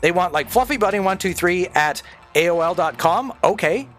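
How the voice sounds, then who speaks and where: A man with a fairly high voice rants through a casual livestream chat, cursing freely and slipping into voices for the people he quotes. Faint music plays under his talk. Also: expressive, normal speed, a bit bright. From Canada. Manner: profane, ranting, acts out quoted people. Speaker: streamer. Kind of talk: casual rant while gaming.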